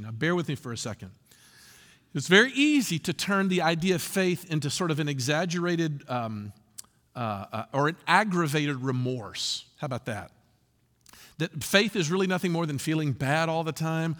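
A male pastor delivers a sermon in a church sanctuary, slipping into acted quotes as he tells stories. His voice sits slightly high and rises and falls with lively swings of pitch. A long hall reverb trails behind every phrase. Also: normal speed. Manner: animated storytelling with acted quotes.

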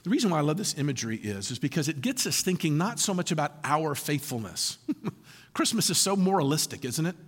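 A man preaching a sermon in a high, lively voice that climbs and dips a great deal. He talks to the congregation in a conversational way and keeps asking them questions. The sound rings with the long reverb of a church hall. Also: brisk. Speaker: pastor.

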